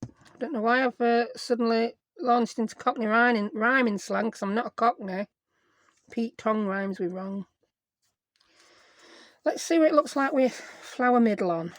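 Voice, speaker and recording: A woman's voice: on the high side, moderate pace, pauses often, dry recording. A woman hosting a casual crafting vlog, chatty and self-deprecating, talking to herself as she works. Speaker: craft channel host.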